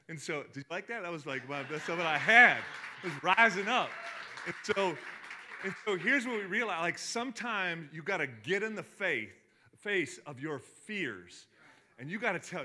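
A man preaching a sermon as pastor, animated, dropping to a hush and then building up loud, often repeating his words. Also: sits high, moderate pace. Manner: animated, swings from hushed to loud, repeats himself.

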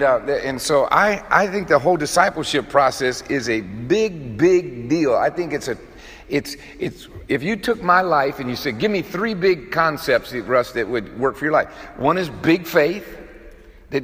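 A man's voice: mid-range voice, fairly bright tone. A man preaching a sermon to a group of men, emphatic, with frequent restarts and acted-out quotes. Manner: emphatic, repetitive restarts, acts out quoted voices. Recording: long hall reverb.

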